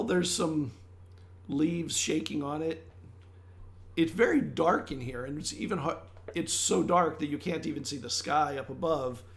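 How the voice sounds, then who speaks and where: A man narrating a tabletop game as game master, with loose, searching description and many restarts. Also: fairly high pitch. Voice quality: gravelly. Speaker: dungeon master.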